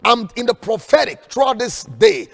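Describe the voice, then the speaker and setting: High-voiced fervent man preaching in a reverberant hall. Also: very animated, normal speed, vocal fry, fairly bright tone. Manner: fervent, calls out declarations for viewers to repeat. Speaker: prophet leading online prayer broadcast. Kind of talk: prophetic prayer sermon. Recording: long hall reverb with faint background music.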